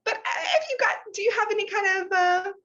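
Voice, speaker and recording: Brief: woman game master, bright forceful tone, halting delivery, dull lo-fi sound. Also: very high-pitched. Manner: hesitant, filler-heavy. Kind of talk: narrating a tabletop game.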